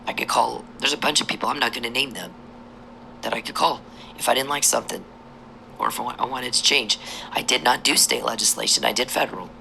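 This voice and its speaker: Woman vlogger, angry profane rant, gravelly and sharp, slips into whispers. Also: a bass voice, slight background noise, poor audio. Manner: profane, accusatory ranting that drops to a hushed whisper. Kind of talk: angry monologue to camera.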